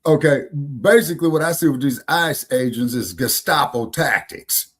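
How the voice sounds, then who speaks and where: A man's voice: medium pitch, normal speed, breathy edge. A man hosting a casual podcast discussion, talking emphatically, repeating points and checking his listeners follow him. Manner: emphatic, preachy, repeats himself and asks "you see what I'm saying?". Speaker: podcast host.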